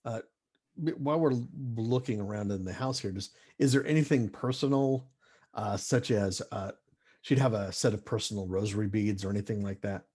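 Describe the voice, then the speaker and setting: A man playing a tabletop game, halting and stumbling over his words. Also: on the low side, a little mellow, husky. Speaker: player. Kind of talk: casual tabletop play.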